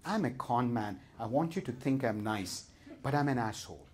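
A man's voice: medium pitch, lively intonation, moderate pace. A middle-aged man with an Indian accent leading a live seminar, self-mocking and playful as he talks straight to the audience. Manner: playful, self-mocking, addresses the crowd directly. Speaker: seminar leader.

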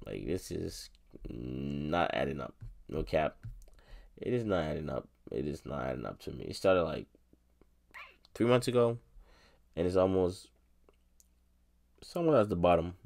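A man's voice: sits low, gravelly, darkish tone. A man reviewing a crypto token in casual solo commentary, rambling with slang, repeating himself and laughing.

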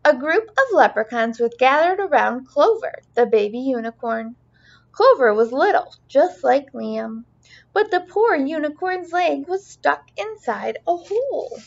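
Expressive woman reading a children's story. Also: high voice, a little slow, gravelly. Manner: expressive, sing-song. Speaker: teacher reading aloud. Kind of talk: children's storybook read-aloud. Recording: dull lo-fi recording.

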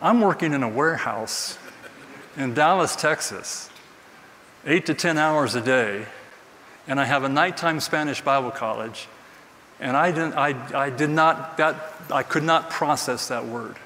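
A man's voice: medium pitch, measured pace, pushed and bright. Earnest male preacher in a reverberant church. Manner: earnest, emphatic, repeats key phrases. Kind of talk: sermon. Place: church sanctuary. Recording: distant mic in a reverberant hall with faint noise.

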